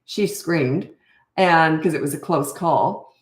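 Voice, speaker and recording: A woman's voice: low-pitched, slow pace. A middle-aged woman parenting coach talking casually through a live Q&A. She is tired and chatty, and often drifts off on tangents. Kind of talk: live Q&A chat. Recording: roomy echo.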